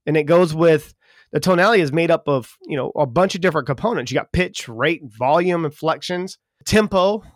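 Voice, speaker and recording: Guy cohosting a podcast, folksy, kinda high voice, dry sound. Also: no room sound. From Charleston, South Carolina, US. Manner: talks fast when excited, folksy and joking. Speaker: podcast co-host. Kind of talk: casual podcast chat.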